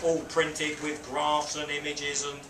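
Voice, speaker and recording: Man telling an animated business story. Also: on the high side, slow. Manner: animated, acts out quotes and beeping sounds. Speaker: business mentor. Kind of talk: storytelling to a small group. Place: on a boat. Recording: roomy, distant mic with background noise.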